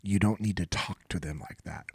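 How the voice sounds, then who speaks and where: A man's voice: low voice, moderate pace, gravelly, breathy edge, no room sound. American guy hosting a podcast, emotional and earnest, dry close sound. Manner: emotional, earnest storytelling with many fillers. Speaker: podcast host. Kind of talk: casual podcast storytelling.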